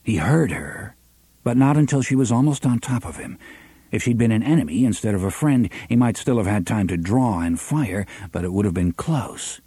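A man reading a novel aloud as an audiobook narrator, measured and unhurried, sometimes dropping to a soft half-whisper. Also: on the low side, animated, slightly rough, dry recording. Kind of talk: scripted narration.

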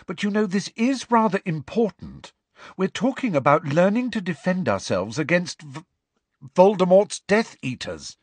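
A man's voice: sits high, very animated, normal speed, no room sound, pitched above the performer's own voice. Man voicing Hermione, tart bossy schoolgirl. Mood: earnest. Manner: tart, clipped, insistent. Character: bossy clever schoolgirl witch, impatient.

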